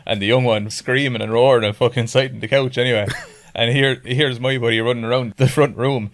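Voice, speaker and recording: A man's voice: medium pitch, fairly even intonation, fairly quick. An Irish man telling a rambling story in casual chat, swearing often and laughing along as he goes. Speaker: podcast guest.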